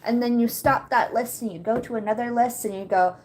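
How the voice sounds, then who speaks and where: A woman's voice: a little high, steady tone, a little fast, few pauses, darkish tone. A chatty woman hosts a casual livestream from home. She guides her viewers through a website step by step, laughing often and reacting to her chat as she goes. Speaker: livestream host.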